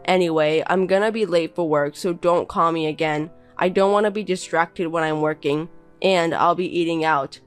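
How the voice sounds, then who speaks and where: Bossy insulting husband, read by a woman in a lowish voice, cold and belittling. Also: fairly even intonation, normal speed, smooth, faint music behind, lightly acted. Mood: contemptuous. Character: scornful insulting young husband. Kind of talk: reading a text-message story.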